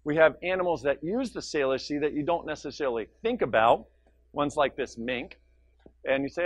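A man's voice: on the high side, expressive, moderate pace, no room sound, muffled recording. A man giving a public science lecture, enthusiastic and conversational, who often checks in with "right?" and narrates slides and video with jokes. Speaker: guest lecturer, marine scientist.

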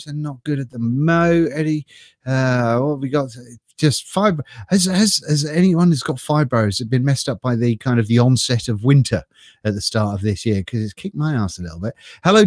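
This Englishman has a slightly high voice, recorded dry with clean studio sound through a desk mic and mixer. He's a vlogger reading his live chat, greeting viewers by name and laughing a lot in a relaxed live-stream conversation.

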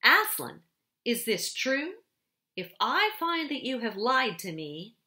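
A woman voicing a cold, imperious witch queen who speaks slowly and with menace. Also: fairly high pitch, sing-song, bright, forceful tone, voice pushed up, heavily acted. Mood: furious. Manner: slow, menacing and commanding.

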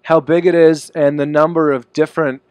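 A man's voice: fairly high pitch, flat delivery, normal speed, a little mellow, no room sound. New Zealand man, easygoing interview chat. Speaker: band musician, interview guest.

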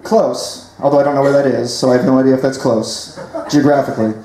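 A man's voice: medium pitch, fairly even intonation, fast, dark tone. A young man doing a chatty, self-deprecating stand-up comedy set for a live audience. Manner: self-deprecating, chatty, leads the crowd in chants. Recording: echoey hall, crowd noise.

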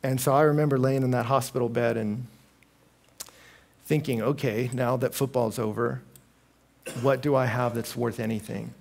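Gravelly preacher telling stories. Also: male voice, normal speed, pauses often. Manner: animated storytelling, acting out quoted voices with big pitch jumps. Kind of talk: sermon.

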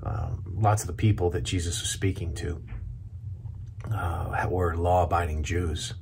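Deep-voiced man giving a devotional talk. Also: steady tone, a little mellow, a little hiss or hum. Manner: earnest, stresses single words with long pauses. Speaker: pastor. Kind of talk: short devotional sermon to camera. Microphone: camera video.

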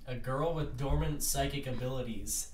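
A man's voice: mid-range voice, normal speed, darkish tone. A young man co-hosting a podcast in casual chat, rambling with lots of fillers and half-finished starts. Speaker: podcast co-host. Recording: echoey room, distant mic, faint hiss.

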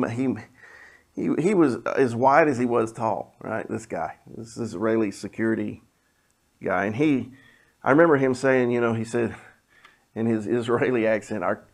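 A middle-aged man, a pastor telling a personal story in a sermon with a conversational delivery that often drops to a hushed tone. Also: mid-range voice, creaky.

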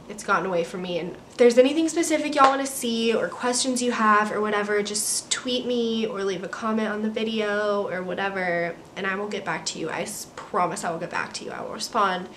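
A woman's voice: medium pitch, fairly bright tone, a little hiss or hum. Young American woman, college student; chatty, rambling vlog delivery, indoors at home. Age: young adult. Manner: bubbly, rambling, heavy use of "like" and "um". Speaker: vlogger, college student studying abroad. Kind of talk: casual chatty vlog update. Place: her apartment, indoors.

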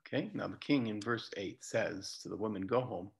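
In a low-ish, husky voice with vocal fry, a rabbi lectures at a moderate pace, conversationally retelling a Bible story. He quotes the story's figures and often restarts his phrases. The lecture recording sounds dull and lo-fi.

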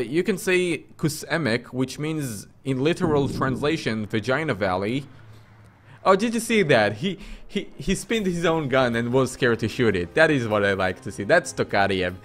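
A young man streaming a game, commenting loudly with crude jokes and sudden yells. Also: medium pitch. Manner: excitable, yelling and crude joking. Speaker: gaming streamer.

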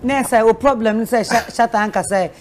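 A woman's voice: on the high side, fast talker, a little mellow. A Ghanaian woman cutting into a heated argument, scolding. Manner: interjecting, scolding.

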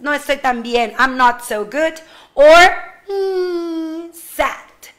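Animated bilingual woman teacher; bright tone, unhurried pace for little kids. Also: high voice. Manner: animated, switches between English and Spanish, sings prompts. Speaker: kindergarten English teacher. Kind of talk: online class for young children.

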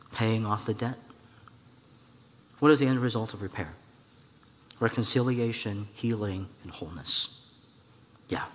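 A man preaching a sermon as a church elder, telling a personal story in a lively way and acting out the voices of the people in it. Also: on the low side. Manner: animated storytelling, acts out voices, laughs at own story. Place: church hall. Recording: church hall with long reverb.

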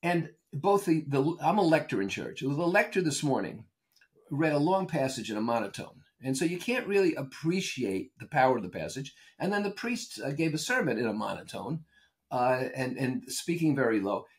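Animated older man telling stories. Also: medium pitch, moderate pace. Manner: animated storyteller, emphatic and opinionated. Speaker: guest consultant and author. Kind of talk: conversational interview answers.

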